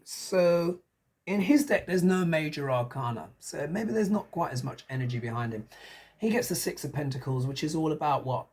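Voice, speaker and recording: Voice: medium pitch, husky. A tarot reader giving a casual, musing reading, talking it through aloud and often tossing in rhetorical questions.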